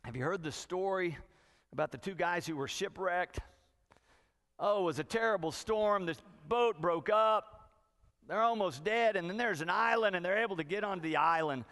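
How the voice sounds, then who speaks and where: A man pastor preaching a sermon, telling stories with wide swings from hushed to loud. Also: high-pitched, moderate pace.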